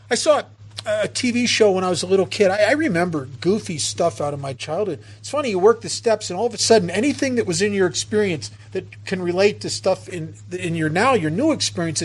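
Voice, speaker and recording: A man in his fifties giving an earnest twelve-step recovery talk, halting and restarting as he tells stories. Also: high-pitched, breathy edge.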